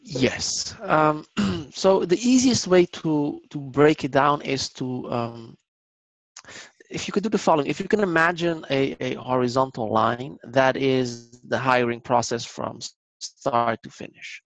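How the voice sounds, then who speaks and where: A man speaking as a guest on an online business seminar, explaining in a measured way with filler ums, over a video call. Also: mid-range voice, no echo, poor audio. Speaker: company guest.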